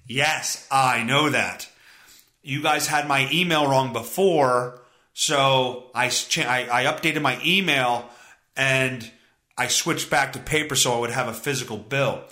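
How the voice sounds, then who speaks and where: Bright-voiced man ranting. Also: fairly high pitch, normal speed. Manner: exasperated storytelling, acts out both sides of phone calls; swings between loud outbursts and muttered asides. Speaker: podcast host. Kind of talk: casual comedic rant.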